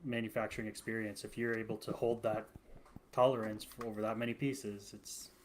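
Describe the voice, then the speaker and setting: Measured low-voiced male podcast guest. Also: little pitch movement. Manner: measured, thoughtful, trails off. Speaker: podcast co-host. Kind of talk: casual chat.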